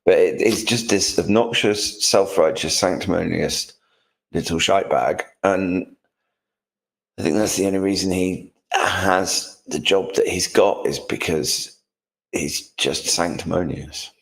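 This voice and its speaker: Deep-voiced, dry man. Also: a little slow, vocal fry, rough recording. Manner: dry, disdainful, rambling. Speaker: co-host. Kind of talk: casual chat.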